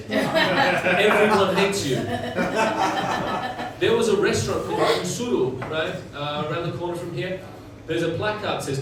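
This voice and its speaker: A fairly high-voiced man works through a stand-up set, landing jokes deadpan and teasing the front row. The sound is distant and echoing, with steady noise filling the room around him. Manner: deadpan joke delivery, chatting with the front row. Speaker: stand-up comedian. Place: comedy bar venue, indoors. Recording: echoey, distant, noisy room recording.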